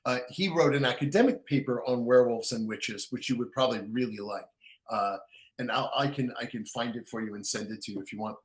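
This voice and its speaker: A man talking as a guest author in a casual interview, excitable storyteller with frequent restarts who acts out quotes. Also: mid-range voice, a little fast, reverberant, poor audio.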